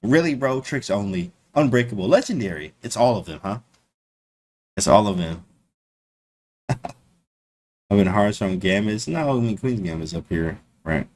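Slangy low-voiced male streamer. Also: moderate pace, pauses often, slight background noise. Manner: slangy, animated, repeats himself. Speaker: chess streamer. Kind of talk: casual live-stream chat to viewers.

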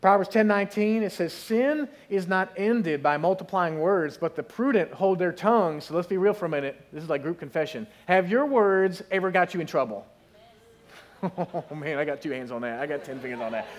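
High-voiced pastor preaching lively. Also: male voice, a little fast. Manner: lively storytelling, acts out voices in quotes. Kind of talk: sermon. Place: church sanctuary.

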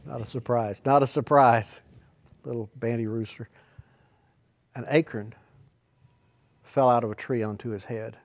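Animated male preacher delivering a sermon. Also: mid-range voice, unhurried, long pauses. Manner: animated, swings from hushed asides to loud exclamations.

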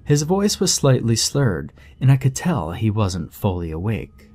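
A man reads a creepy tale in a low, mellow voice. His delivery is steady and somber, made for scripted horror narration. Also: moderate pace, hardly any pauses. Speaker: storyteller.

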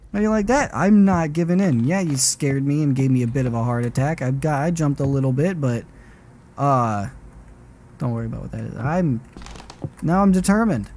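A man's voice: medium pitch, a little mellow, slight background noise. A man giving live horror game commentary, swearing and talking back at the game whenever it startles him. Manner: profane, jumpy, talks back at the game. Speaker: gaming streamer.

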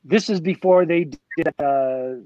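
A man's voice: fairly high pitch, slow pace, dry recording. A man in his sixties, a record producer guest on a podcast, telling a casual, rambling story full of "like" and "you know". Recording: dull, lo-fi, dry.

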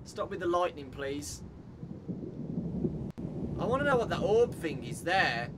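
A man's voice: fairly high pitch, sing-song, unhurried, heavy background noise. Jumpy young man streaming a horror game. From England. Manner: jumpy, yelps and shouts in fright. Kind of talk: live game commentary.

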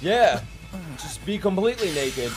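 A man reacting to an anime episode, excitable and profane, often breaking into exclamations. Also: sits high, a little slow, over music. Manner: excitable, swears a lot, exclaims. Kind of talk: casual reaction commentary. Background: anime soundtrack playing.

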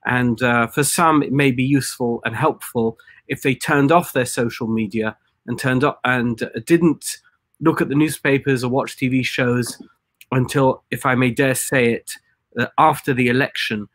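A man speaking as a rabbi guest in a measured, earnest way. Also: mid-range voice, fairly even intonation, a bit bright. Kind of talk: conversational commentary.

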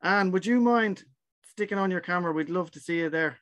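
Friendly host on a call. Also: male voice, high voice, a little fast, fairly bright tone. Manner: friendly, informal organizer. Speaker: event host. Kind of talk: hosting a virtual gathering. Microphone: video call.

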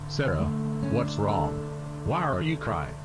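A synthetic man's voice playing a protective, foul-mouthed father in a cartoon, flat delivery. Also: on the low side, slow, loud music behind the voice, low-quality recording. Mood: stern.

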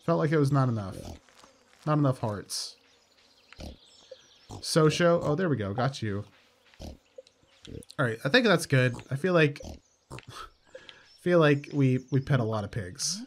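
A man's voice: a little high, lively intonation, unhurried, long pauses, slight background noise. A man casually commenting on his gameplay, upbeat and chatty with dry sarcastic asides. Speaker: let's play host.

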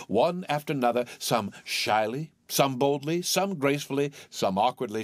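A male narrator reads a classic tale with theatrical flair. His pitch rises and falls in lively sweeps over a middle register, and the recording is close and dry. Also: normal speed, few pauses, no echo. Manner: animated, theatrical. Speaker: audiobook narrator. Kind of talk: expressive audiobook reading.

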